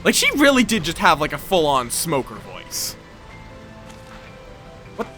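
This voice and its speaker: A young man streaming a video game, chatting casually with his viewers, swearing now and then and reacting out loud. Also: a little high, a little slow. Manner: animated, chatty, swears, talks to chat. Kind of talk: casual gameplay commentary. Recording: faint game music behind.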